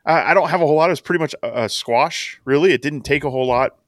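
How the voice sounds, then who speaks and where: A man's voice: a little high, fast, no room sound, clean studio sound. A man co-hosting a casual wrestling podcast, recapping in a chatty way and laughing as he acts out quotes. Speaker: podcast co-host.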